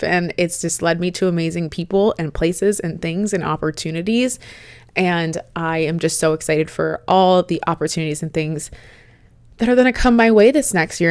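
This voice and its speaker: A young woman with a slightly low voice hosts her podcast in a relaxed solo chat. She speaks candidly and from the heart, chatty and open. The sound is close and dry, with no room around it. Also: clear, resonant tone, dry recording. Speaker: podcast host.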